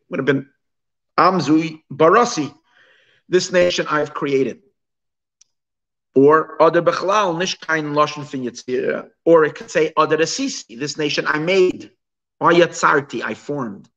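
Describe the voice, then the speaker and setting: A man's voice: a little high, a bit bright. A man teaching a text study class, asking rhetorical questions and mixing Hebrew and Yiddish terms into his English explanation. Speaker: Torah teacher.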